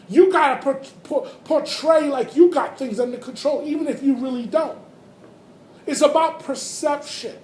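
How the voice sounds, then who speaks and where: A woman's voice: high-pitched, a little mellow, a little hiss or hum. A woman hosting a sports talk show, giving an emphatic, opinionated commentary monologue that hammers points home and calls her listeners "folks.". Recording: roomy echo.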